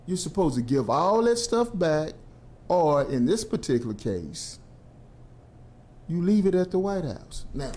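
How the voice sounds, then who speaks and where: A man hosting a radio show, breaking down the news in a folksy, animated way with plenty of slang. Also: fairly high pitch, slow. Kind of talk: casual talk radio commentary.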